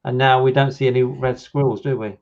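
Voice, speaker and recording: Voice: medium pitch, fairly even intonation, fairly quick, a little mellow, lo-fi sound. A host on a paranormal livestream, reading out viewer comments and steering the talk. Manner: reads comments aloud, moves the chat along. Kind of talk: livestream hosting.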